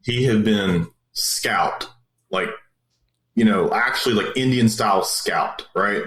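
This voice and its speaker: A police officer tells a story in a slow, fairly low, slightly bright voice, recorded with a roomy echo. His telling is casual and rambling, full of fillers and restarts.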